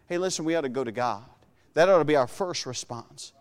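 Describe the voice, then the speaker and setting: High-voiced male preacher in a reverberant hall. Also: a little fast, smooth. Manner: earnest, acts out quoted voices. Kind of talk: sermon.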